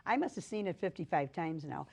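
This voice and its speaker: Low-voiced woman hosting a chat, laughs a lot. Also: expressive, fairly quick, vocal fry, darkish tone. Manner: laughs often, chatty. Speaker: host. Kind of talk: casual talk show chat.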